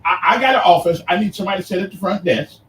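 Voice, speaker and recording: A man hosting a radio show, challenging his guest with halting, repeated phrases in a lively debate. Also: high-pitched, slight background noise. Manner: animated, halting and repetitive, challenging. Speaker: radio host. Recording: roomy distant sound with faint ambience.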